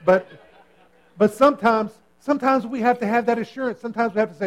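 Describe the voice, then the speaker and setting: A man preaching a sermon in a conversational, animated way, repeating phrases, checking in with his listeners and acting out the voices in the story. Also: very high voice, quick pace. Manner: animated, repetitive, acts out voices. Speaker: pastor.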